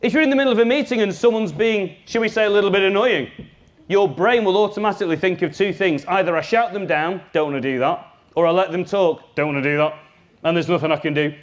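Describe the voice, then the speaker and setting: A business trainer with a high voice talks fast in a live workshop. He's lively and jokey, addressing his audience directly.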